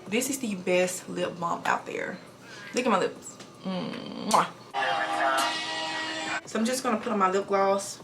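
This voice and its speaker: Fast-talking woman vlogging at home. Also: medium pitch, over loud music. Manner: talks fast without pauses, breathy between sentences. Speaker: nurse vlogger. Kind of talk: casual get-ready-with-me vlog. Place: home bathroom. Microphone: camera mic.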